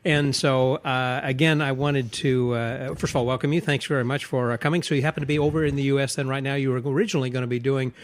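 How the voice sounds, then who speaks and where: A man hosting a podcast interview, talking in a relaxed way with many pauses and fillers. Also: mid-range voice. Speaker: podcast host. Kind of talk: casual interview.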